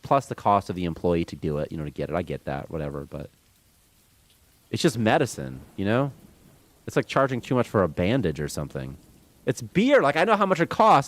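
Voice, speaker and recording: A man's voice: on the low side, dry recording. A man streaming game development, rambling casually with strong opinions and reading chat comments aloud. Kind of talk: casual rant on a live stream.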